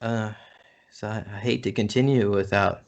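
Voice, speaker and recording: A man's voice: fairly low pitch, steady tone, moderate pace, creaky, dull audio. A man talking as a guest on a video call, chatty with some hesitation. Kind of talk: casual online chat.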